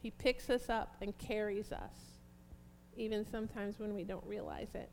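A woman preaching a fervent, prayerful sermon, reading scripture slowly and emphatically. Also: mid-range voice, vocal fry, a little mellow, a little hiss or hum.

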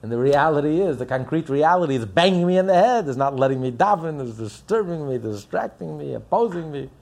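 A man's voice: on the high side, lively intonation, brisk, creaky, a little mellow. A man preaching a sermon, impassioned and building up with rhetorical questions. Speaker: religious teacher.

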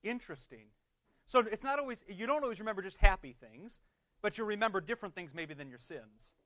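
A male pastor leads a Bible class with a high, lively voice. He keeps putting questions to the group and answering them himself. He slows down for readings, and the recording sounds dull and lo-fi. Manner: slows down to read prayers aloud.

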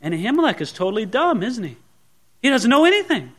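A man preaching a sermon, teaching through a Bible passage in an animated way and acting out the characters' lines. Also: extremely high pitch, fast talker. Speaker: pastor.

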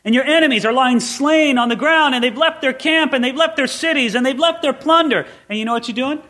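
A middle-aged man preaching a Bible sermon as pastor, swinging between quiet asides and excited peaks. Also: very high voice, a little fast.

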